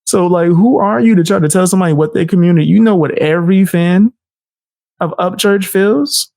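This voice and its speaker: A man giving casual reaction commentary on clips, animated and slangy, often breaking into laughs. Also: sits high, fairly quick, creaky, dry recording, clean studio sound.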